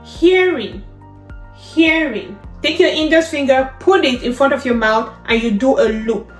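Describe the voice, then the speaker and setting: A woman's voice: high voice, unhurried. A woman teaching sign language step by step, saying each word aloud and then explaining the hand motions. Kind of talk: step-by-step instruction. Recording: echoey room with faint music.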